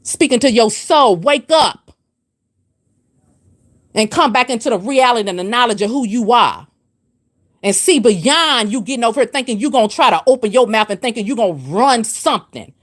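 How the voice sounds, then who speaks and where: A woman hosts a spiritual livestream. She scolds and preaches at a commenter, hammering her points with repetition. Her pitch swoops from low and firm to high and emphatic. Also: expressive, moderate pace. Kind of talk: livestream rant answering comments.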